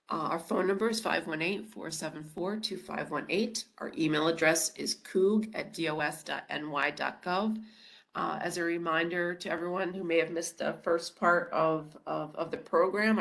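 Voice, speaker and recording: A woman with a raspy voice and a stuffy nose from a cold, explaining open meetings rules in an online information session. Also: lowish voice, fairly bright tone. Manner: procedural, explanatory, with frequent uh and restarts. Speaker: government presenter on open meetings law.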